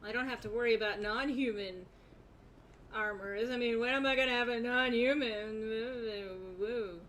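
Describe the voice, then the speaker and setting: Bright, giggly woman streamer. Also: on the high side, moderate pace, slight background noise. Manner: laughs often, reads chat aloud, rambling. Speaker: gaming streamer. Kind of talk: casual live-stream chat.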